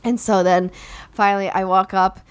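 A young woman recounts a story in a loose, chatty way, filling her sentences with "like". Her voice is smooth and clean, and she often turns to address her listeners directly. She speaks at an ordinary middle pitch. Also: moderate pace. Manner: animated storytelling, lots of "like" fillers. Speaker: podcast co-host and recent bride. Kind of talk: casual chat.

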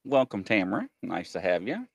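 A man's voice: deep voice, wildly swooping pitch, fairly quick, creaky, dry recording. A man hosting a casual live-stream chat, jokey and chatty as he greets viewers by name. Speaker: host.

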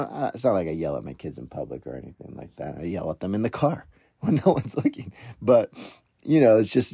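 Man in his thirties, parenting coach podcaster; deep, husky, self-deprecating storytelling. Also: dark tone, no echo, studio quality. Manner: rambling, self-deprecating, many fillers and restarts. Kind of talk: casual solo podcast storytelling.

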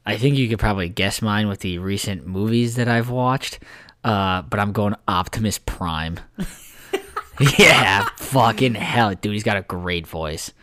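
A man's voice: fairly low pitch, unhurried, pushed and bright, dry recording, studio quality. A man in casual podcast chat, loose and joking, swearing freely.

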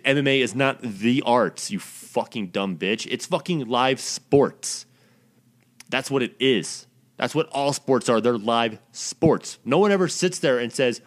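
A man's voice: mid-range voice, animated, a little slow. A man delivering a profane, blunt, exasperated ranting monologue as the host of his own recording.

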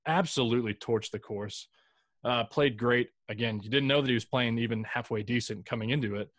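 A man's voice: mid-range voice, fairly quick, fairly bright tone, dry recording, studio quality. A man talking casually on a golf podcast, rambling loosely with restarts and the odd curse. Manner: rambling, loose, with frequent restarts and mild swearing. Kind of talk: casual chat.

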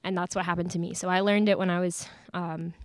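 A woman's voice: on the low side, level tone, fast, no echo. A woman in her late teens, a podcast guest, chatting casually with lots of fillers and laughs. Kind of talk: casual chat. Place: church studio.

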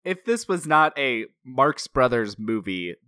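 Dry male podcast host, bright close voice. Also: medium pitch, big pitch swings, unhurried, dry recording. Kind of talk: casual movie-review chat.

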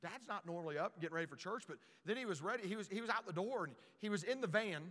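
A man preaching a storytelling sermon, animated and stumbling over repeated words as he starts sentences. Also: sits high, quick pace, big-room sound.

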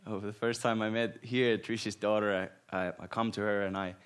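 A man from Finland, speaking as a guest preacher, shares personal stories in a smooth, lowish voice at normal speed. He has a Finnish accent and laughs often, animated and poking fun at himself.

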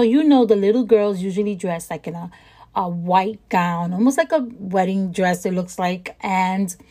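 A woman hosting a podcast, telling stories in a chatty, animated way and acting out conversations with exasperated emphasis and frequent laughter. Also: medium pitch. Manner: laughs often while talking. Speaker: podcast host. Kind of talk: casual storytelling chat.

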